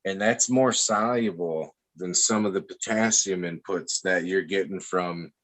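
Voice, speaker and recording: A man's voice: low-pitched, unhurried, fairly bright tone. A man hosting an online chat, laid-back and teasing. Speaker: host. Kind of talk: casual chat.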